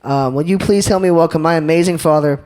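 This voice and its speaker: A man's voice: a little high, fast talker, clean tone. Upbeat young man preaching to a church. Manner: lively, joking, asks the crowd questions. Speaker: youth speaker. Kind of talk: church talk.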